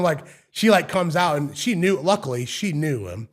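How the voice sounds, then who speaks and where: A man telling stories in a relaxed, chatty way, guesting on a podcast as a home inspector. He gets animated and acts out the voices of people he met on the job. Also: sits high, a little fast. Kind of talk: casual storytelling.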